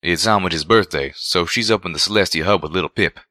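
A man's voice: sits low, brisk, pushed and bright, no echo, clean studio sound. Man doing a folksy drawling cowpony.

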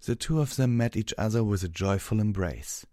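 A man reading a fantasy story aloud as narrator, steady and measured. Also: on the low side, no echo, studio quality.

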